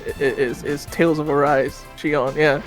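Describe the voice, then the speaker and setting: A man's voice: on the high side, fairly even intonation, normal speed, music in the background. A man co-hosting a game stream, chatting casually and reading viewer comments aloud.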